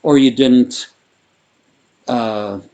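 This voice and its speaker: Male sound therapy teacher, mid-pitched, loose and rambling, guided exercise delivery. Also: very slow. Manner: relaxed, rambling, with frequent fillers and restarts. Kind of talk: guided vocal exercise instruction.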